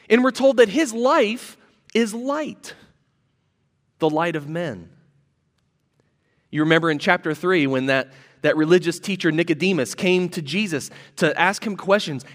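High-voiced man preaching in a reverberant hall. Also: a little slow, long pauses. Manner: earnest teaching with emphatic repetition and restarts. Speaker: pastor. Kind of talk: sermon.

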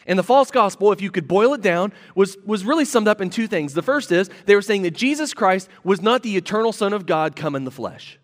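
A man's voice: high voice, expressive, a little fast, hardly any pauses, in a large hall. A man preaching a sermon as pastor, teaching earnestly and repeating key phrases for emphasis.

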